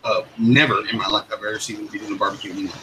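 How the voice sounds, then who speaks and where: A man's voice: lowish voice, level tone, racing, pushed and bright, slight background noise, low-quality recording. A man from the United States in casual chat, telling stories in a rambling, stop-start way.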